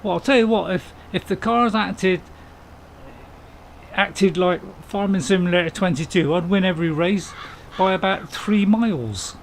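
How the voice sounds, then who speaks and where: Unhurried and creaky, a middle-aged gameplay streamer delivers chatty, jokey live commentary, chuckling and reading viewers' messages out loud. His pitch sits a little above most men's. Under his desk mic runs a faint ambient hum, and the recording is rough.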